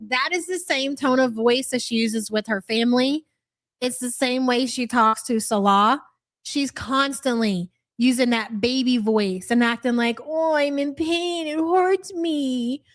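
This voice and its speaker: A woman's voice: on the high side, measured pace, a bit bright. A young woman hosting a live reaction stream, talking bluntly and swearing freely. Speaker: livestream host.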